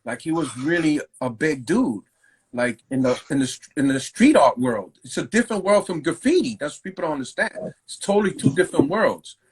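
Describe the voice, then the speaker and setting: A graffiti writer telling stories in a loose, profane, slang-heavy way during a casual interview. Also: male voice, a little high, expressive, brisk, slightly rough, low-quality recording. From New York.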